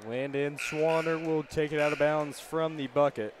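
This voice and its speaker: A man calling a high school basketball game play-by-play, passing the ball from name to name in a steady call that lifts when a shot goes up. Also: normal speed, slight background noise. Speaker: play-by-play announcer. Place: school gym.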